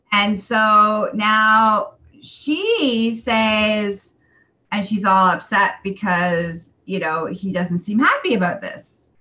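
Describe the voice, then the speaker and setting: A woman relationship coach explaining in a casual, animated way, full of fillers. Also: fairly low pitch, rough recording. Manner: animated and conversational, with many fillers. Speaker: sexual wellness coach.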